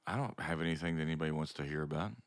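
A man's voice: very deep voice, very fast, no room sound, studio quality. A man co-hosting a podcast in casual chat, laid-back and teasing. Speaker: podcast co-host, musician.

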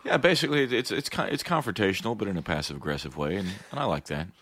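A man's voice: lowish voice, expressive, racing, fairly bright tone, husky, no echo, studio quality. An American man in casual chat as a podcast co-host, wry and joking, swearing freely. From United States.

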